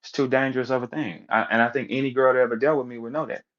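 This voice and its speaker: A man's voice: mid-range voice, steady tone, very fast, a bit bright, lo-fi sound. A man giving a casual, emphatic rant as a commentator, repeating words and acting out the people he quotes. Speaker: battle rap commentator.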